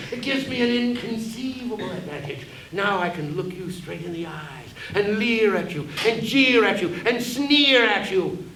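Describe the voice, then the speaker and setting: A man's voice: very high voice, a bit bright, exaggerated voice. A man playing a sneering impish conscience. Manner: sneering, taunting, gleeful. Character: mocking impish male conscience, a dwarf-sized spirit. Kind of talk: one-man stage play. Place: theater stage before an audience. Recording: roomy hall, distant mic, faint hiss.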